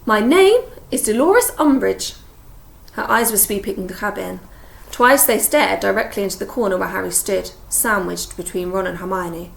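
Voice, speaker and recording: A woman narrates an audiobook in a steady storytelling manner. Her mid-range voice has a gravelly texture, and the recording sounds roomy. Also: mid-range voice, normal speed. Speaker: audiobook reader. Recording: echoey room.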